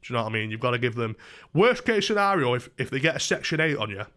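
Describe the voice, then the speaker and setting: A man's voice: mid-range voice, sing-song, fast, fairly bright tone. A young man telling a story in a chatty, casual way, swearing freely. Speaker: vlogger.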